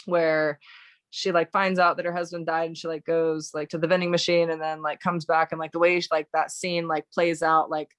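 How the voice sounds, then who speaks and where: A young American woman, a podcast guest, recounting a painful day in a halting way with many fillers and restarts. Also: sits low, level tone, no echo. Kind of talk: emotional personal recollection.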